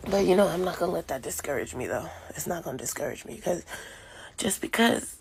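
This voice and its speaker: A woman's voice: on the low side, expressive, a little fast, slightly rough. A tired woman chatting to her camera in a sleepy, half-whispered voice, talking to herself about her schedule. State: sleepy, yawning. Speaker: vlogger. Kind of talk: casual chat to camera.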